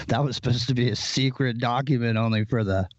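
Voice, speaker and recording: A man talking as a podcast guest in casual, enthusiastic chat, excitable and eager. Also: mid-range voice, normal speed, no room sound. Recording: dull lo-fi dry remote audio.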